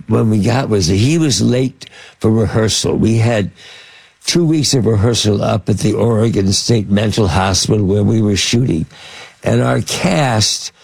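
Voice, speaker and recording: A man's voice: lowish voice, creaky, darkish tone, husky, dry recording. A man telling rambling anecdotes as an interview guest, full of fillers and restarts. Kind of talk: anecdotal storytelling.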